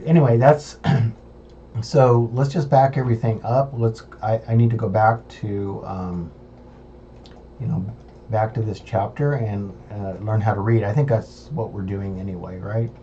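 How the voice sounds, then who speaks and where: A man with an American accent working through a study session, thinking aloud in a halting way as he sounds out syllables one by one. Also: on the low side, fairly even intonation, vocal fry, warm tone, dull audio, slight background noise. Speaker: language learner. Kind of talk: self-recorded study session.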